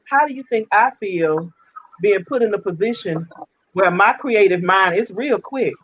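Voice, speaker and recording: A woman's voice: medium pitch, animated, a little slow, fairly bright tone, breathy edge, muffled recording. A woman talking in a casual chat, blunt and opinionated, sometimes rambling.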